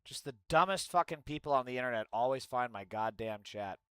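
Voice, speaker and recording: A man's voice: mid-range voice, animated, brisk, a bit bright, smooth, dry recording. A man streaming heated political commentary, ranting and swearing at his chat. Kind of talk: angry livestream commentary.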